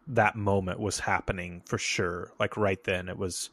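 Relaxed man hosting a podcast. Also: sits low, normal speed, no room sound. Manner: relaxed, many fillers. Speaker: podcast host. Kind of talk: casual podcast chat.

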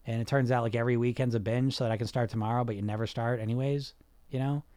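A man's voice: mid-range voice, steady tone, quick pace, mellow, clean tone, no echo. A man coaching a group on weight loss, blunt and emphatic, sometimes swearing, who keeps asking rhetorical questions.

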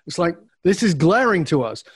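On a clean, dry studio podcast recording, a middle-aged coach answers an interviewer's questions in a husky, fairly high voice at normal speed. He tells his stories with animation, acting out the dialogue.

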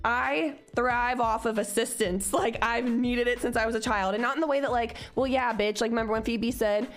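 A woman's voice: fairly high pitch, fairly even intonation, moderate pace, faint music behind. A young woman co-hosting a podcast, chatting casually in a loose, profane, confident pep-talk manner. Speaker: podcast co-host. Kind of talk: casual chat.

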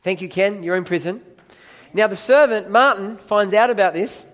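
A male pastor with a high voice preaches with lively, emphatic storytelling. His voice rings with the long reverb of a large church hall as he calls up volunteers to act out the story. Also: moderate pace. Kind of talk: sermon with audience volunteers.

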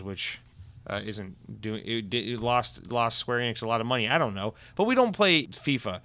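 Man, gaming news host, sarcastic rant, swears a lot, smooth clear voice. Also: mid-range voice, normal speed, bright, forceful tone. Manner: sarcastic and ranting, swears often. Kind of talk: casual profane news commentary.

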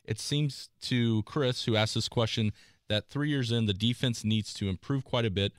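A man co-hosting a casual sports podcast, reading out listener questions in a steady way. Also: medium pitch, normal speed, no room sound, clean studio sound.

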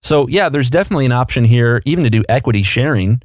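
A man's voice: medium pitch, animated, quick pace, no room sound, studio quality. A man co-hosting a podcast, explaining and coaching in casual chat. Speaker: podcast co-host.

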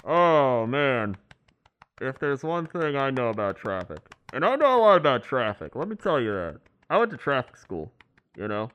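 A man playing a jaded helicopter traffic reporter who rambles in a fed-up deadpan. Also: medium pitch, normal speed, voice pushed up, rough recording. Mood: griping.

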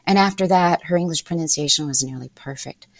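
Measured, emphatic woman with a lowish voice. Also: no room sound, lo-fi sound. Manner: measured, emphatic, lists points in order. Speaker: guest, language-learning expert. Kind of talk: explanatory interview answers.

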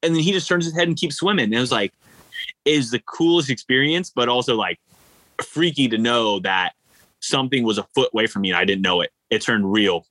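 Casual, bright-voiced male athlete storyteller. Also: mid-range voice, fairly quick, no room sound, low-quality recording. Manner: animated, rambling, filler-heavy storytelling. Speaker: ultra-endurance athlete guest.

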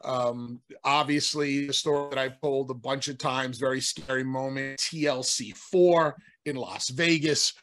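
A man's voice: medium pitch, fairly even intonation, measured pace, hardly any pauses, a bit bright. A middle-aged man, a podcast co-host, telling rambling stories in casual chat, often restarting his sentences. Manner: rambling, restarts, self-interrupting. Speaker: podcast co-host, former wrestler. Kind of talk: casual storytelling.

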